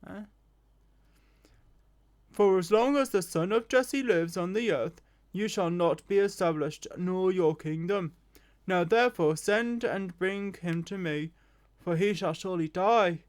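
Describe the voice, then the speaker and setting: A furious older king snarls his threats in a slow, harsh voice, heavy with contempt, put on by a woman reading a scripture story aloud. His tone is altered and weighty, far from an ordinary speaking voice. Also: lowish voice, darkish tone, close to an everyday voice.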